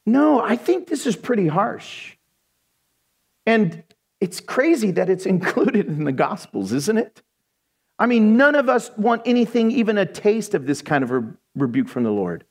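A male pastor preaching a sermon to a congregation, animated and jokey, often acting out voices. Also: high voice, unhurried, slightly rough. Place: church before a congregation.

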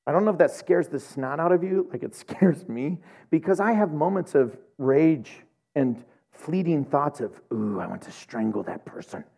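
A middle-aged man preaching a sermon, an animated storyteller who laughs often and acts out voices. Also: fairly high pitch. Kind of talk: sermon with humorous anecdotes.

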